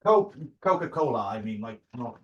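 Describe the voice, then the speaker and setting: A man's voice: mid-range voice, sing-song, moderate pace, fairly bright tone, slightly rough, lo-fi sound. Sweary, giggly man chatting from bed. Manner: loose, sweary, giggly banter. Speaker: podcast co-host. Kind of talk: casual podcast chat. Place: bedroom, sitting on his bed.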